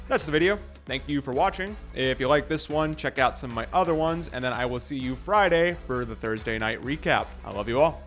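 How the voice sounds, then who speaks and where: A man's voice: medium pitch, fairly quick, fairly bright tone, faint music behind. A man hosting a scripted sports commentary vlog, delivering rankings with sarcastic, joking asides. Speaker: sports video host.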